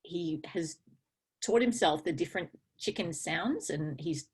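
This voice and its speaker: A woman in casual conversation as a guest, chatty and laughing often, with halting fillers. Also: lowish voice, expressive, darkish tone, husky.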